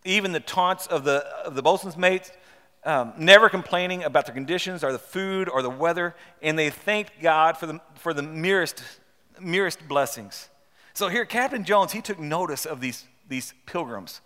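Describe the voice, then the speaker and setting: A man preaching a storytelling sermon, halting and repeating words as he asks rhetorical questions and reads aloud from a book. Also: fairly high pitch, expressive, pushed and bright. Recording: long hall reverb.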